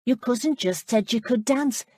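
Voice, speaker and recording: A woman's voice: fairly high pitch, moderate pace, darkish tone, no room sound, clean studio sound, voice pushed up, lightly acted. Woman voicing an eager young village girl. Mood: earnest. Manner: bold, earnest and pleading. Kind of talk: audiobook character voice.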